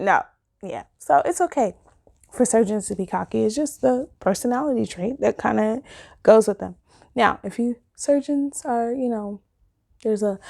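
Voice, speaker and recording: A woman's voice: normal speed, gravelly. A woman telling a personal story in a casual vlog, acting out what people said with big jumps in her voice and frequent laughter. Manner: animated, acts out quotes with big pitch jumps, laughs often.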